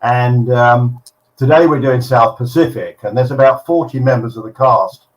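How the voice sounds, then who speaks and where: A man telling a long joke on a video call, deadpan with chuckles. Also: medium pitch, normal speed, poor audio. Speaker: regular telling the joke of the week. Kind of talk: casual chat and joke telling.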